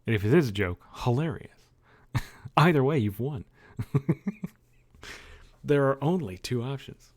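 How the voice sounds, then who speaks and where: A man's voice: medium pitch, expressive, measured pace, pauses often, darkish tone. A man livestreaming from his bedroom, chatting loosely with viewers, rambling, joking and swearing. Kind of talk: casual chat with viewers. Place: own dimly lit bedroom.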